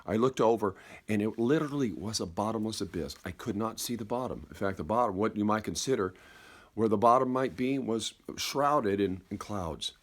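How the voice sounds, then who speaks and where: A man with a fairly low, expressive voice tells a personal story slowly and reflectively. He halts and repeats words, and his voice drops softer at key moments.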